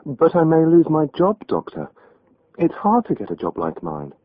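A man's voice: fairly high pitch, wildly swooping pitch, moderate pace, no echo, voice pushed up. A man voicing a worried, overworked male patient who pleads with his doctor. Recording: tinny lo-fi tape audio.

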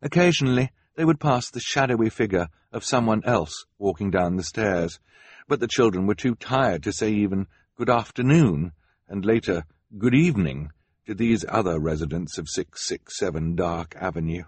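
A man's voice: deep voice, moderate pace, breathy edge. A man narrating a storybook with a wry, melancholy storyteller manner, close to the microphone. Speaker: audiobook narrator.

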